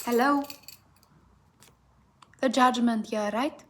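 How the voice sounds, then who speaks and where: A woman's voice: on the high side, fairly even intonation, slow pace. A woman giving a tarot reading as a blunt, profane, impassioned rant, asking "right?" again and again. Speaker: tarot reader.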